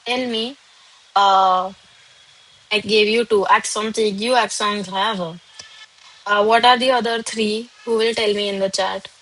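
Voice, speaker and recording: A woman who isn't a native French speaker teaches a live online French class, switching between English and French and calling on students by name from the chat. Her mid-range voice is steady, measured, and a bit bright, though the recording is rough.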